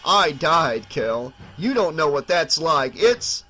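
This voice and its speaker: A man's voice: on the high side, very animated, slow, pushed and bright, faint music behind, heavily acted. A man reading an audiobook, voicing a mocking, grinning undead older brother with a sarcastic, taunting manner.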